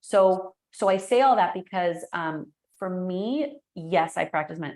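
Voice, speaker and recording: Animated woman in an echoey room. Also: sits low, normal speed, hardly any pauses. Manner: energetic, animated storyteller who acts out quotes. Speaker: guest, entrepreneur and speaker. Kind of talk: casual interview chat.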